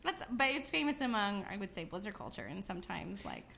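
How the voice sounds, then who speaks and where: A woman co-hosting a casual chat show, bubbly and quick to laugh, acting out what people said. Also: medium pitch, big pitch swings, vocal fry, fairly bright tone. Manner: bubbly, laughs often, acts out quotes. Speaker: podcast co-host.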